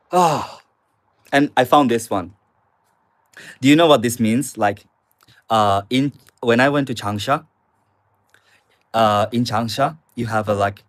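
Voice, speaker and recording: Chatty male streamer. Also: medium pitch. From China. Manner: chatty, addresses viewers as guys, answers chat comments. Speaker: live streamer. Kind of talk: casual live stream chat. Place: small studio apartment with river view.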